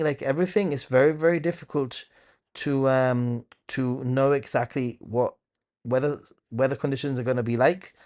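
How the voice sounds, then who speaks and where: Man musing through live viewer questions. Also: mid-range voice. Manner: relaxed, thinking aloud, with many hesitant fillers and restarts. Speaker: host of a travel channel.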